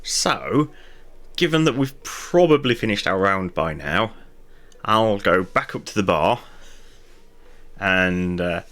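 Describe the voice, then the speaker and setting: A man playing a tabletop game, easygoing and quick to laugh. His voice is low and bright, with a pitch that swings widely. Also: lively intonation. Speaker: player. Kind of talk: tabletop role-play chat.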